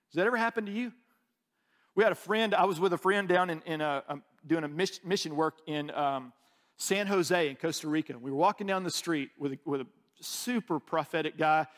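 A man delivers a sermon in a relaxed, conversational manner, often restarting sentences and adding asides. His voice sits notably high for a man. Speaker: pastor.

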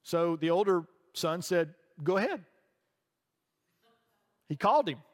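A middle-aged male pastor preaching in a church sanctuary, his fairly high voice ringing with a long hall reverb. He tells stories in a loose, conversational way and keeps checking in with his listeners. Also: normal speed. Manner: conversational storytelling, often checks in with "right?". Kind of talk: sermon.

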